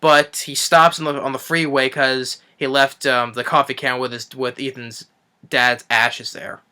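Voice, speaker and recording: A man's voice: mid-range voice, little pitch movement, a little slow, pushed and bright, clean tone. A man recapping a movie in a casual review, rambling with frequent restarts and swearing.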